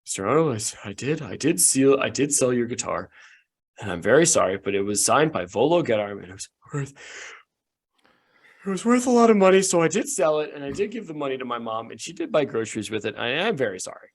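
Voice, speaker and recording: A man's voice: on the low side, expressive, a little fast, a bit bright. A man voicing a naive, eager-to-please young male informant who stammers and repeats himself apologetically. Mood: tearful apology.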